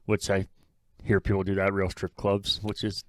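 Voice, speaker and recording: Lowish smooth guy rambling on a podcast, swears a lot, dry close sound. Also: completely flat delivery, normal speed, dry recording. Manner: rambling, frank, swears casually. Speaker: podcast co-host. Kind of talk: casual chat.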